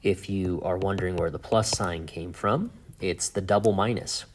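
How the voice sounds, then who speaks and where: A man teaching a math lesson in a relaxed, chatty way, thinking aloud with fillers and asides. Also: low-pitched, moderate pace, a little hiss or hum. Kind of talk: casual whiteboard lesson.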